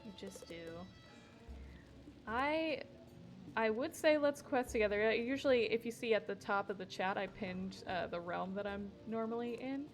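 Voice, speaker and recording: A woman's voice: a little high, moderate pace. Casual, foul-mouthed young woman streamer. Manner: rambling, swears freely, laughs often. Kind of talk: casual gaming stream chat. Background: background music.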